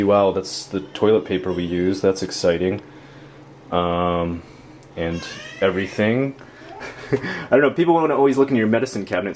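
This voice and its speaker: A man's voice: deep voice, a little hiss or hum. A young man giving a casual, rambling home-tour vlog inside his house, self-deprecating and full of fillers.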